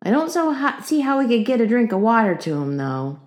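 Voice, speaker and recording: A woman's voice: fairly high pitch, very animated, a little fast, darkish tone, pitched above the performer's own voice. Woman doing a glum schoolboy. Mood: gloomy. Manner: plain and reasonable, a little glum. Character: polite, good-natured schoolboy with his dog.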